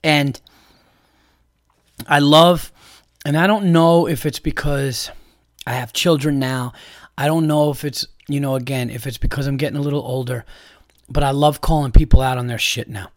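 A man's voice: medium pitch, steady tone, normal speed, pauses often, dry recording, studio quality. A young adult man hosting a podcast, ranting in an exasperated, profane, repetitive way. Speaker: podcast host. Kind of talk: casual ranting monologue.

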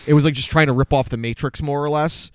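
A man's voice: fairly high pitch, fairly even intonation, fast, no room sound. A man co-hosting a podcast in casual chat, joking and swearing as he asks questions. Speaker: podcast co-host.

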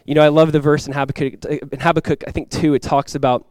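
A young male pastor preaches quickly in a slightly high voice. He speaks casually with lots of "like," dropping to quiet, earnest lows and rising to loud, excited highs. The sound is dry and close to the mic. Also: dry recording. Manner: casual and conversational, with many "like" fillers. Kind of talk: sermon.

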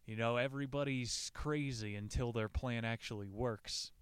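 A man's voice: mid-range voice, normal speed, smooth, no echo. A man casually retelling a survival story, joking and swearing freely as he reads passages aloud. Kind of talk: casual retelling with quoted readings.

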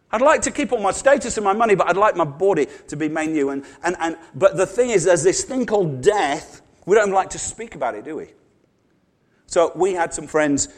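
High-voiced preacher with jokes. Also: male voice. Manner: humorous, chatty asides. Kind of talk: sermon.

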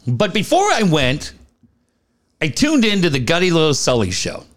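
A man's voice: fairly high pitch, huge pitch swings, moderate pace. A middle-aged man co-hosting a podcast, teasing his partner with exclamations in casual chat. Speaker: podcast co-host.

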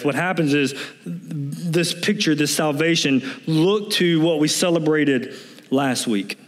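A man's voice: fairly high pitch, a little slow. A pastor preaching a sermon, explaining scripture verse by verse and driving his points home with emphatic repetition. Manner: emphatic, building to animated repetition.

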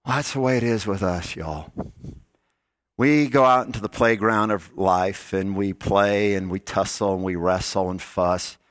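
A man preaching a sermon, telling stories and dropping to soft, low tones on key lines. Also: unhurried, no room sound. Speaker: pastor.

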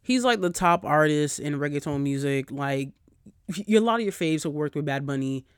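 Male solo podcaster, a touch high, cussing, animated, close and dry. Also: moderate pace, clear, resonant tone, no echo. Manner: profane, animated storyteller. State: recovering from a cold. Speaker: podcast host. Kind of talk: casual solo podcast rant.

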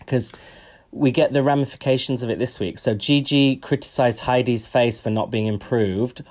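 A podcast co-host chats casually in a mid-range, slightly mellow voice at normal speed, with fairly even intonation. He comes across as wry and talkative, dropping frequent ums.

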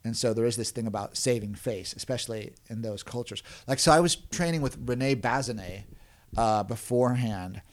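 A man, a clown performer and podcast guest, telling stories in a casual interview. He rambles with many restarts and chuckles. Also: normal speed. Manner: acts out other people's panicked lines in a higher voice.

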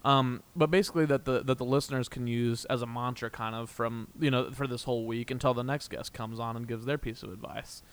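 A man's voice: medium pitch, fairly even intonation, a little fast, hardly any pauses, smooth. A young man hosting a casual podcast, rambling and playful, often laughing. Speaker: podcast host. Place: small room, in doors.

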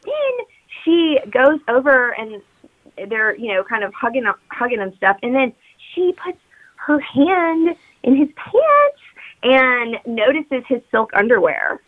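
A woman's voice: high-pitched, sing-song, takes it slowly, phone-quality sound. Chatty woman rambling through a movie recap. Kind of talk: casual chat recapping a movie.

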